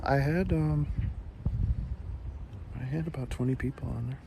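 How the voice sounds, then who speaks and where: Walking outdoors by a beach lagoon, a livestream host chats casually and answers viewer comments with nervous laughs, using a plugged-in mobile mic. His mid-range voice has lively intonation and some creak, and he speaks a little slowly with long pauses. Wind and nature noise come through.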